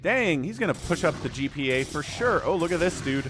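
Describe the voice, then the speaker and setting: A man casting a recorded strategy game on a livestream, excitable and chatty, greeting viewers from chat between plays. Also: on the high side, a little fast, noisy background. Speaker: game caster.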